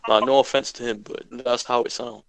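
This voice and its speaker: A man's voice: medium pitch, fairly even intonation, fairly quick, slight background noise. A young man chatting casually as a podcast co-host, brash, swearing and repeating himself. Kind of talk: casual chat.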